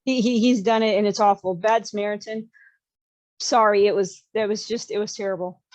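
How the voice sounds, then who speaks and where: A woman's voice: medium pitch, fairly even intonation, fairly quick, darkish tone. A woman with a Southern American accent, hosting a podcast in casual, opinionated chat and laughing often. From Southern United States. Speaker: podcast host.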